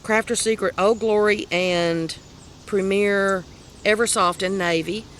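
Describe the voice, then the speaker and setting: A woman's voice: mid-range voice, steady tone, a little slow, a bit bright. Southern woman host, chatty show-and-tell, laughs at herself, faint noise behind. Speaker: crochet podcast host. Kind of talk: casual show-and-tell chat.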